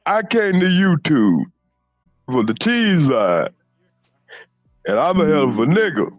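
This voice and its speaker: A man's voice: fairly high pitch, sing-song, takes it slowly, dry recording, highs cut off, soft background music. A man impersonating a boastful, arrogant former basketball star in a comedic rant, swearing and stumbling over repeated restarts. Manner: profane bragging, stammered restarts.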